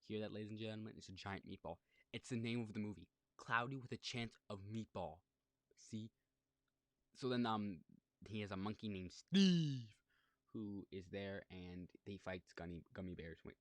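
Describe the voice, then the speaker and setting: Man with a lowish voice and a dead-dry sound, telling a movie plot in a loose, scatterbrained comic ramble. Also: no room sound. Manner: loose, jokey and scatterbrained, with asides to the audience. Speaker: movie recapper.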